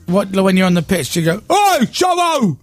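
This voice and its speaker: A man's voice: sits high, flat delivery, darkish tone, soft background music. A man hosting a casual radio chat, teasing and playful. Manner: teasing, playful, puts on quick voices. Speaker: radio host.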